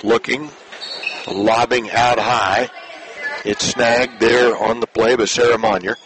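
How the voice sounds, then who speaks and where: A man announcing a high school basketball game play by play, in brisk clipped calls that rise when a shot scores. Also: little pitch movement, a bit bright. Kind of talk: basketball radio commentary. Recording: noisy online radio broadcast.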